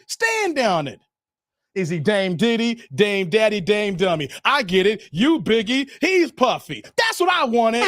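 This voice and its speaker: A man hosts a live stream and talks straight to his chat in a fired-up, casual rant. His voice sits high and swings wide as he gets worked up. The sound is dry and close, with no room around it. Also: a bit bright, dry recording. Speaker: livestream host.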